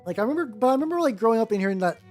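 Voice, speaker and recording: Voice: mid-range voice, racing. A miniature-painting streamer chatting casually and rambling through tangents while painting. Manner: rambling and animated, full of fillers and tangents. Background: faint background music.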